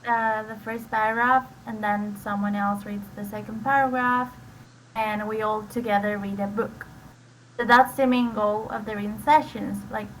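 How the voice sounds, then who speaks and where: A woman whose first language is Spanish, with a slightly high voice and a Spanish accent, rambles through an account of her reading sessions, saying "like" a lot and restarting sentences. It's a casual screen-share explanation heard over a computer mic on voice chat, with a faint hiss and poor audio overall.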